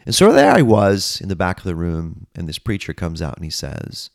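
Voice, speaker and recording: A middle-aged man, a pastor and podcast host, earnestly telling his personal testimony with dramatic pauses. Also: sits low, wildly swooping pitch, gravelly, no echo, faint music behind.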